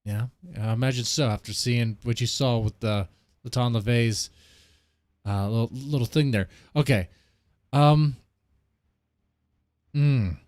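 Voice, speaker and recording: A man's voice: medium pitch, unhurried, long pauses, a little mellow, no echo. A male host interviewing a guest on a radio show, reacting often and repeating phrases. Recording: dry close mic with faint music.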